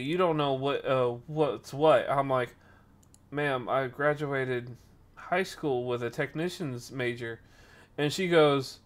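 Young man, podcast host, casual storytelling, lively with quoted voices, mid pitch. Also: measured pace. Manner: animated, acts out quoted people.

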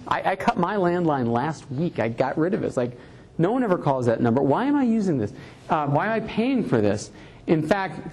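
A middle-aged man gives a live tech talk to a room, rambling in a chatty, storytelling way. He stops often on fillers and restarts, and his voice sits a little higher than most men's. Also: darkish tone. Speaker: tech columnist giving a talk.

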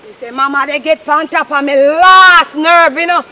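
A woman's voice: high-pitched, steady tone, normal speed, sharp tone, slight background noise. A woman with a Jamaican accent playing a lazy, sulky young woman who rants and complains in patois. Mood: grumbling. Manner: whiny complaining rant in patois.

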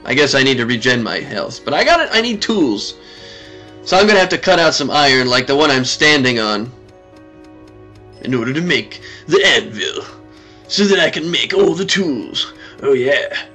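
A man in his thirties giving casual let's-play commentary, excitable and talking back to the game. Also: medium pitch, normal speed, soft background music. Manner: excitable, talks to the game, frequent laughs and exclamations. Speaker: gaming video host.

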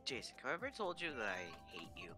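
A man's voice: lowish voice, wildly swooping pitch, fast talker, bright, forceful tone, husky. Teasing young man on a voice call. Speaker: friend on voice call. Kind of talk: casual gaming chat. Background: game music.

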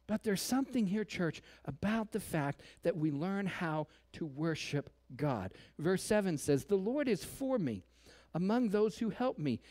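A man with a notably high voice preaches a sermon to his congregation. He throws out rhetorical questions, then falls to hushed, almost whispered lines before rising again. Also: very animated, unhurried. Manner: preaches with sudden drops to near-whispers and rising calls. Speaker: pastor. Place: church.

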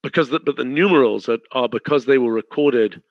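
A man's voice: medium pitch, brisk, no room sound, muffled recording. A man running a live working design meeting, thinking aloud in a direct, decisive way. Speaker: company head leading a design meeting.

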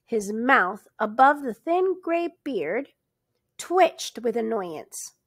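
Woman narrator reading a novel aloud, unhurried and expressive, lively pitch, dry close sound. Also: husky, no room sound. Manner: slow, expressive storytelling. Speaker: storybook reader.

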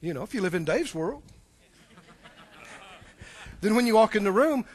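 A middle-aged man preaching a sermon as pastor, swinging between loud outbursts and soft asides, chuckling between points. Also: high-pitched, lively intonation, a little slow.

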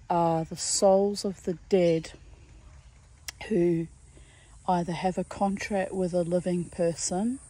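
A woman with a New Zealand accent, telling a story in a slow, intense casual monologue with dark humor. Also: on the low side, low-quality recording.

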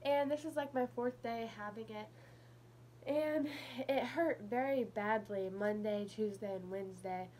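A woman's voice: a little high, a little slow, darkish tone, a little hiss or hum. Young woman with a lisp, chatty vlog. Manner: chatty, slightly mumbled with a retainer in. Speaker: vlogger. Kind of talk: casual vlog update.

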